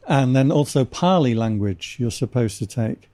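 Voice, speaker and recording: Monk guest from England, man, wry anecdotal talker, mellow and dry. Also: medium pitch, measured pace, dry recording. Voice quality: dry humor, animated anecdotes with laughs. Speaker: podcast guest, ordained monk. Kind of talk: casual storytelling conversation.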